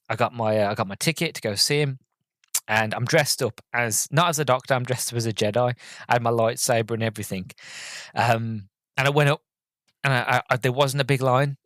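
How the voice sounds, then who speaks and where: A man's voice: medium pitch, fairly bright tone, no room sound. A man hosting a podcast, telling a story in a rambling, hesitant way with many ums and restarts, earnest and openly emotional as a fan. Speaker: podcast host. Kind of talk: casual storytelling review.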